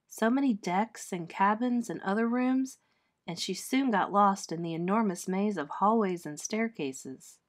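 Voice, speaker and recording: Brief: female teacher, mid pitch, expressive read-aloud of a kids' chapter book. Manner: expressive, clear storytelling. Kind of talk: children's storybook read-aloud.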